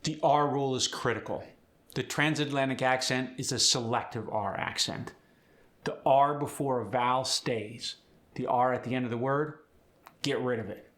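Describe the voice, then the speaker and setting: A man's voice: medium pitch, normal speed, fairly bright tone. A man hosting a pronunciation tutorial, explaining sounds casually and demonstrating words. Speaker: accent coach and host.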